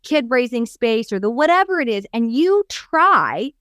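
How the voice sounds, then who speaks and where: A woman co-hosts a coaching podcast, her voice a little high, clear and resonant, at a measured pace. She tells a story expressively in animated storytelling chat, acting out the quoted voices and stressing lists emphatically. The recording is dry and of studio quality.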